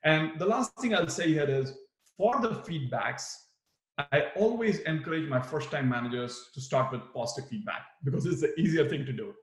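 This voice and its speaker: A man's voice: on the high side, lively intonation, normal speed, roomy sound. A man teaching a workshop for new managers, acting out example replies with big swings in his voice. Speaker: management trainer. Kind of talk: live workshop talk on management.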